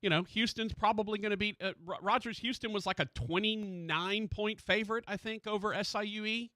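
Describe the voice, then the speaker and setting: Chatty, excitable sports radio host. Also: male voice, high voice, fairly quick, no echo, studio quality. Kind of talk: casual sports talk. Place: radio studio.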